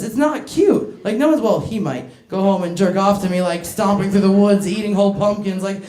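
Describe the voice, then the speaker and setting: A woman's voice: mid-range voice, fairly quick, a little mellow. Brash woman doing stand-up. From United States. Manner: brash, crude and self-mocking, laughing through her lines and teasing the audience. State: voice getting hoarse. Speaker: stand-up comedian. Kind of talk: stand-up set with crowd work. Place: comedy club stage. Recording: echoey club room.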